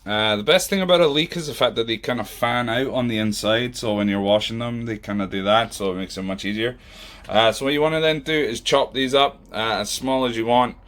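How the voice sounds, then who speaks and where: A man of middle pitch talks his way through a home cooking video, chatty and rambling, filling gaps with ums and uhs. He sounds like he is filming himself on a camera in his own kitchen. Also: fairly quick, fairly bright tone. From Scotland. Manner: chatty, rambling, many fillers. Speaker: podcast host.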